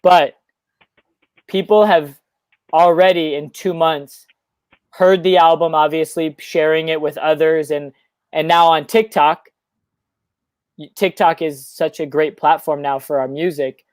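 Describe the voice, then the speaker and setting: An eager young man with a high voice talks in quick, run-on sentences, chatting as a guest on a live stream. The sound is dry and close, with no room around it. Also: steady tone, smooth, no room sound. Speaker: guest musician. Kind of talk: casual chat on a live stream.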